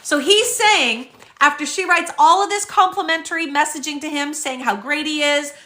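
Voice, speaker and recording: A woman's voice: high voice, moderate pace, pushed and bright, slight background noise. A woman vlogger reading out legal filings and reacting with indignant, sarcastic commentary. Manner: indignant, fired up, sarcastic asides.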